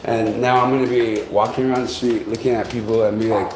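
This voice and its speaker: Guy rambling on his live stream, cursing a lot, loud one sec then muttering low. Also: level tone, a little fast, slight background noise. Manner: restless and agitated, swings between loud outbursts and low mutters; swears often.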